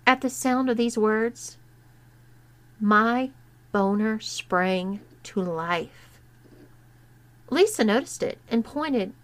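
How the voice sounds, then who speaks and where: A woman narrating a written story in a slow, deliberate reading. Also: a little high. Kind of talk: scripted narration of an erotic story.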